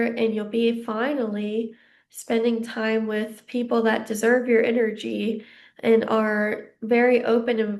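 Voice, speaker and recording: Slow, gravelly-voiced woman reading tarot. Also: fairly high pitch. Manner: gentle, reassuring, meandering with fillers. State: slightly out of breath. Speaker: tarot card reader. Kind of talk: casual psychic reading to camera.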